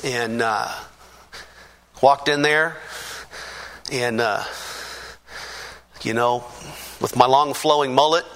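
A man, a pastor, giving a lively testimony sermon to a congregation in a church, acting out the voices of the people in his story. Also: medium pitch, slow, pauses often. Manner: animated storyteller, acts out quoted voices.

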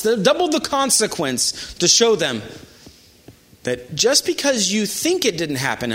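A male pastor preaching a sermon in an animated, emphatic way with asides to the congregation. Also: high-pitched.

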